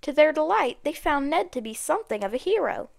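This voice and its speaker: A woman narrating an audiobook in a steady storytelling manner. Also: high voice, a little fast, creaky. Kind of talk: scripted narration.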